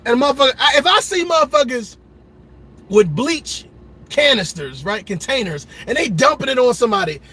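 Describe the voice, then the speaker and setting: A man doing a loud, profane comedic rant, laughing often and slipping into mock voices. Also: very high-pitched, expressive, normal speed, slightly rough. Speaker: comedic commentator.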